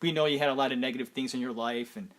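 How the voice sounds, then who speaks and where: A man co-hosting a casual podcast chat, easygoing and quick to chuckle. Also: medium pitch, fairly even intonation. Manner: easygoing, chuckles often while talking. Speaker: podcast co-host.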